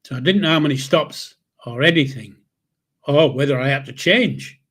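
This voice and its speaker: Husky older Yorkshire man telling stories. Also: a little high, moderate pace, a bit bright. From Yorkshire, England. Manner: rambling, swears casually, many restarts. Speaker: channel host. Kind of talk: casual storytelling of memories.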